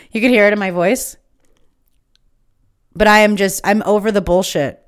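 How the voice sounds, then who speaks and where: A woman's voice: mid-range voice, steady tone, unhurried. A woman hosting her own podcast, giving an impassioned, emphatic spiritual monologue that is full of swearing. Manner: fired-up, emphatic, swears freely. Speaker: podcast host.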